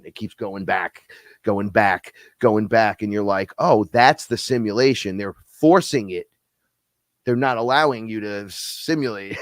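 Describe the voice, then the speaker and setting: A man with a very low, stuffy-nosed voice co-hosts a spiritual live stream. He rambles in a lively, profane way and laughs as he talks. The sound is dry and close. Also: no echo. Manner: animated, profane, laughs often. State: stuffy nose.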